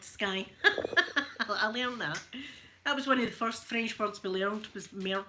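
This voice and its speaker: A woman's voice: mid-range voice, unhurried, bright, forceful tone, a little hiss or hum. A Scottish woman hosting her channel, telling rambling stories in casual chat and laughing often. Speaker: channel host.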